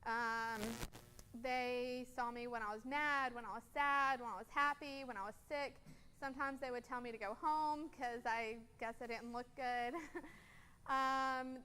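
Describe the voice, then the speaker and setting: A woman's voice: fairly high pitch, steady tone, a little slow, bright, forceful tone, a little hiss or hum. A woman in her twenties, a guest speaker at a church, telling a personal story over photos in an earnest, casual way with frequent ums.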